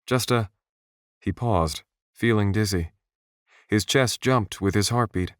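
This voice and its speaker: A man reads a fantasy audiobook in a steady, measured way. His voice sits fairly low and is recorded close, with no room sound at all. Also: smooth, no room sound. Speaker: audiobook narrator. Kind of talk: scripted narration. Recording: dry, close studio voice.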